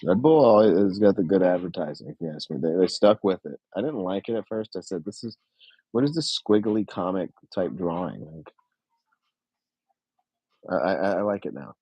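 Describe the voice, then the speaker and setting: A man doing casual live reaction commentary from a home streaming setup, excitable and blunt, with long drawn-out oohs and casual swearing. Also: deep voice, husky, dry recording, poor audio.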